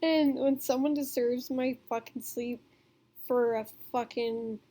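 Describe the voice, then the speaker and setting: A woman's voice: a little high, fairly even intonation, takes it slowly, mellow. A young woman telling a storytime vlog to camera in a rambling, casual way, full of fillers, swearing and laughter. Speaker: vlogger.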